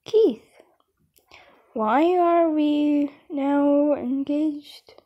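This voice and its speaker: A woman's voice: fairly high pitch, animated, takes it slowly, dark tone, highs cut off. A woman voicing a teasing, confident young man in a fan comic dub. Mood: puzzled.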